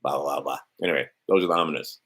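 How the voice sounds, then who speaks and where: A man's voice: rumbling low, fairly even intonation, a little fast, fairly bright tone. A middle-aged man talking casually while scrolling through a document on screen, rambling with sardonic, profane asides. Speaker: host of a legal maxims stream. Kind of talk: casual screen-share talk.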